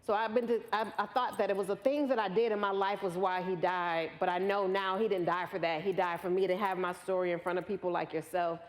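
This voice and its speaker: A woman's voice: medium pitch, fairly even intonation, a little fast, hardly any pauses, in a large hall. A woman grief counselor speaking earnestly to a live audience, telling her own story. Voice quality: earnest, storytelling, acts out quotes. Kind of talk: personal talk at a live event.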